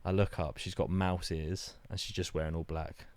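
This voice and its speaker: A young man from England, a podcast host in casual chat, telling animated stories and acting out quotes. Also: moderate pace, dry recording. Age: young adult. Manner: animated storyteller, acts out quotes in high voices.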